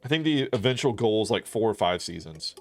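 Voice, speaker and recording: Low-pitched and very animated, a man talks fairly quickly while streaming a video game. His casual chat wanders, loaded with swearing and filler words.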